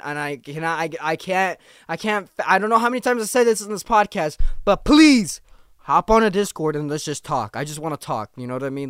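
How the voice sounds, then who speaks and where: A man in his early twenties rambles through a solo podcast in loose slang, swearing and joking as he goes. His voice is smooth and resonant, recorded close and dry. He sounds tired, as if short on sleep. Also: fairly high pitch, a bit bright, no room sound. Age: 20s. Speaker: podcast host. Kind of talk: casual podcast monologue.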